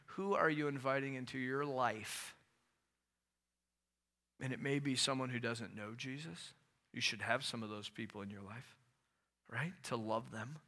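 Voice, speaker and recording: A male pastor giving a sermon in an animated way, asking the audience questions and acting out stories. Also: mid-range voice.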